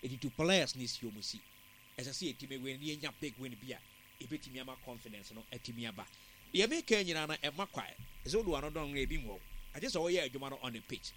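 Man, football pundit, quick delivery, bright tense voice, faint hiss behind. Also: mid-range voice, expressive. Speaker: football analyst. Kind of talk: radio sports talk.

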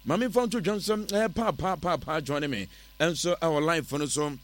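A man with a Ghanaian accent hosting a radio talk show, animated as he reads out sponsor ads and shout-outs. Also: fairly high pitch, normal speed. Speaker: radio host. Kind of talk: radio talk show in mixed Twi and English.

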